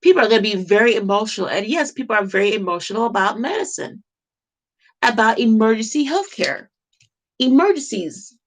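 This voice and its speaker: A woman's voice: a little high, lively intonation, a little fast. A woman talking to camera in an impassioned monologue, emphatic and repetitive, firing off rhetorical questions. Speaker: vlogger.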